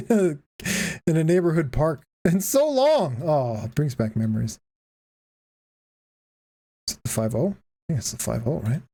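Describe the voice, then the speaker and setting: A woman's voice: deep voice, expressive, a little slow, pauses often, mellow, slightly rough. A woman streaming a game, giving casual, profane, joking commentary and laughing often.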